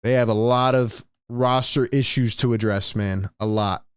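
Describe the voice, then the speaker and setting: A man's voice: mid-range voice, fairly even intonation, unhurried, clean tone, no echo. A man hosts a live-stream sports talk, venting exasperation at his chat. His voice sits in a mid range and sounds close and dry, with no room around it. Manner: exasperated, ranting.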